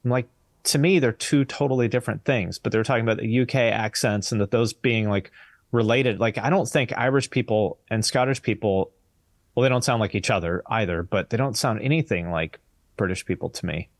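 A man's voice: fairly low pitch, brisk, dry recording, clean studio sound. A man with an American accent, a podcast guest in casual chat, blunt and swearing freely. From United States.

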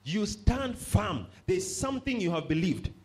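Lively, higher-voiced male preacher. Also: measured pace. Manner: emphatic, repeats phrases for stress and calls on the congregation. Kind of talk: sermon.

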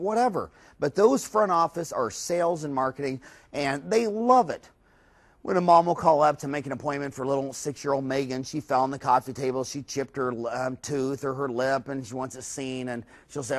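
A middle-aged man giving a course lecture to dentists, animated and quick to act out staff and patients. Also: a little high, no room sound. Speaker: dental practice lecturer.

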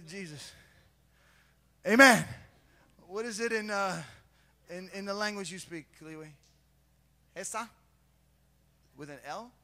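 A male pastor preaching a sermon in a church, swinging between quieter asides and shouted, sing-song peaks. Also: high voice. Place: church sanctuary.

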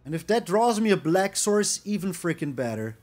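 Man, card-game commentary, excitable, very lively pitch, high voice. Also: moderate pace, faint music behind. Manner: excitable, animated, swings to loud shouts. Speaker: gaming YouTuber.

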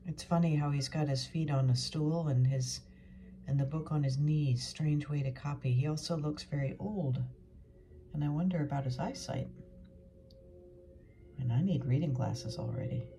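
Low-voiced woman giving a chatty devotion. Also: fairly even intonation, moderate pace, dark tone, a little hiss or hum. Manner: chatty storytelling, often chuckling. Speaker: cathedral dean giving a morning devotion. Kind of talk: devotional sermon with a closing prayer.

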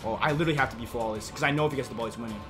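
A young man giving excitable live commentary on his own video game match, reacting loudly to each play. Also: mid-range voice, racing, soft background music. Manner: excitable, reacts loudly to plays, frequent "yo" and "literally". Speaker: gaming YouTuber.

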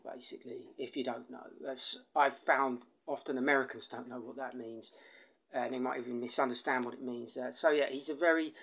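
A man's voice: mid-range voice, vocal fry, a bit bright, dull audio. An Englishman with an English accent giving a casual spoken film review, rambling and digressive, with many fillers and restarts. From England.

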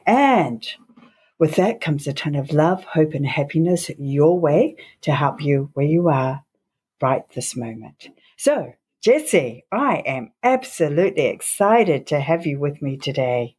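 Low, husky woman hosting a podcast. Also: big pitch swings, measured pace, a little mellow. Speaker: podcast host. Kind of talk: podcast interview.

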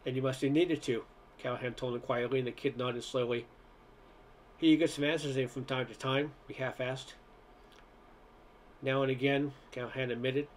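A man's voice: medium pitch, steady tone, normal speed, long pauses, a little hiss or hum. A man reading a short story aloud, narration and dialogue in one voice, stumbling and restarting on some words. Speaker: amateur reader.

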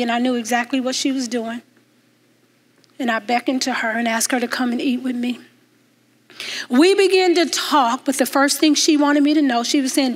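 High-voiced woman preaching a story. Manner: storytelling, emphatic, quiet dramatic passages. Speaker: guest minister. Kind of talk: sermon. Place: church sanctuary.

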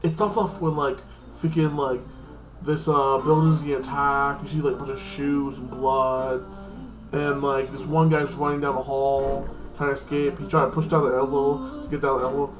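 A man's voice: medium pitch, level tone, normal speed, roomy sound, music in the background, low-quality recording. A man hosting his own channel, recapping a TV episode in a casual, rambling way, full of fillers. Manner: rambling, heavy with fillers like "like" and "freaking". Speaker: channel host reviewing a TV episode.

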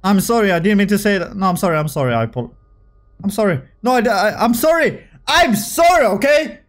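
A young man giving casual, jokey commentary while playing a horror game, excitable and swearing freely. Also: sits high, fairly quick. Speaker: gaming video creator. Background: faint game music.

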